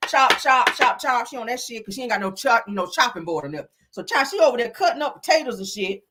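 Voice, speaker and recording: A woman hosting a gossip show, talking in a sassy, animated way, full of "honey" and "child" and swearing. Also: a little high, quick pace. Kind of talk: casual gossip commentary.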